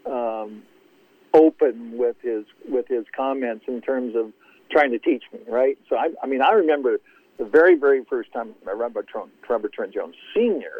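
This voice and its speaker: A man's voice: medium pitch, no room sound. Man over a tinny phone line. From American Midwest. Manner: anecdotal, chuckling, repeats words. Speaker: golf course architect. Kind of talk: casual storytelling interview.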